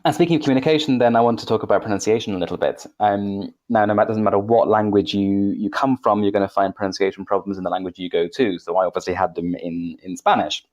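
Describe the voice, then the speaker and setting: A low-pitched Welsh man talks casually on a podcast about teaching. He rambles and corrects himself as he goes. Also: steady tone, quick pace, hardly any pauses, darkish tone, rough recording. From Wales. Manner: rambling, self-correcting, chatty. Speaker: podcast co-host, English teacher.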